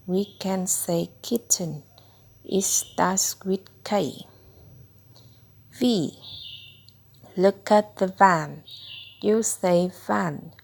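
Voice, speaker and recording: Very slow, gravelly woman reading phonics. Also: mid-range voice, a little mellow. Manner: slow, deliberate word-by-word reading. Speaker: reading tutor. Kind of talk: slow phonics read-aloud for a child.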